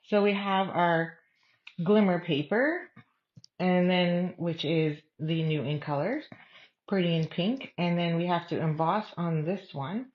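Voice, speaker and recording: A woman's voice: lowish voice, a little slow, lo-fi sound. A woman hosting an online craft class, talking casually step by step and thinking aloud as she works. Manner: chatty, thinks aloud while working.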